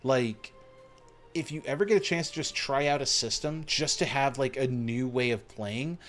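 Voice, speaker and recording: A man giving casual gaming commentary, excitable and rambling, gushing and swearing casually as he plays. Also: mid-range voice, measured pace. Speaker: gaming video host.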